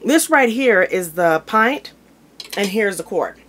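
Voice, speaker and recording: A woman's voice: medium pitch, lively intonation, slow, a bit bright, slight background noise. Chatty woman demonstrating food in her kitchen. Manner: chatty and informal, talks while handling food. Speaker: home cooking video host. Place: home kitchen.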